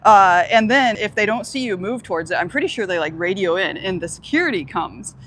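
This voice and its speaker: A woman's voice: medium pitch, animated, brisk, a bit bright, a little hiss or hum. A woman co-hosting a casual live stream on a cruise ship's outdoor deck, chatting and giving practical travel tips. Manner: conversational, gives practical tips.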